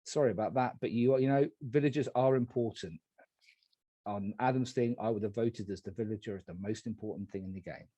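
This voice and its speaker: A man running an online party game as moderator, calm and polite as he narrates each night phase over a video call. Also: lowish voice, fairly quick, husky, dry recording, muffled recording.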